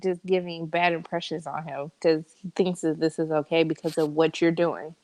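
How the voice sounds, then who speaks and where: Tired woman, low-voiced guest. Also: flat delivery, normal speed, darkish tone. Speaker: podcast guest. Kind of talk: casual movie review chat. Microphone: remote call mic.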